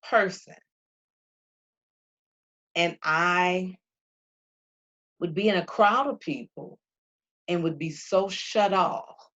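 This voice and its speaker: A woman talking casually to viewers about faith and feelings, acting out her own quotes in an animated way. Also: on the low side, slow pace, long pauses, muffled recording.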